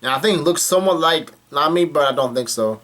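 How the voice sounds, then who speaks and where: A man casually recapping a comic chapter, halting often with fillers and restarts. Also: on the high side, expressive, a bit bright. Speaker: manga reader recapping a chapter.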